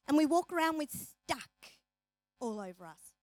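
Woman, motivational speaker, high voice, animated storyteller, dry sound. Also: normal speed, no room sound, low-quality recording. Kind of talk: motivational talk.

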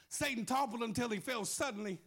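A male pastor preaching a sermon, telling a story and shouting with many "uh" fillers. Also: very high-pitched.

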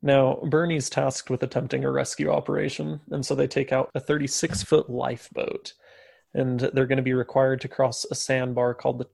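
A man's voice: mid-range voice, flat delivery, normal speed, vocal fry, a little mellow, husky, dry recording. A man co-hosting a podcast, retelling a story in casual chat with jokey, sarcastic asides. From USA. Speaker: podcast co-host.

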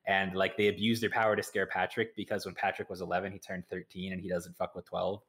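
A man's voice: deep voice, little pitch movement, fast talker, a bit bright. A man co-hosting a podcast, recapping cartoon episodes in a laid-back way with casual swearing. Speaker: podcast co-host.

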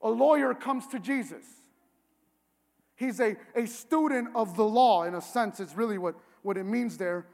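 A man pastor delivering a sermon, earnest and building to emphatic, near-shouted points. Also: sits high, normal speed, vocal fry. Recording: long hall reverb.

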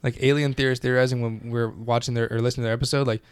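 A man co-hosting a casual podcast, animated and rambling, swearing constantly as he talks. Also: mid-range voice, very fast, clear, resonant tone, no room sound. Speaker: podcast co-host.

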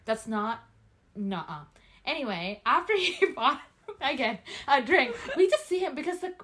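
A young woman from Canada co-hosts a casual podcast chat. Her voice sits a touch high, and she tells stories in an animated way, laughing often and swearing freely. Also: unhurried, slight background noise. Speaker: podcast co-host.

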